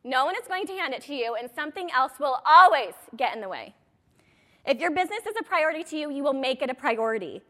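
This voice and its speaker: High, lively woman giving a pep talk. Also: quick pace. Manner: chatty, rambling, self-deprecating asides. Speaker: direct sales business coach. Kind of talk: motivational talk to an audience.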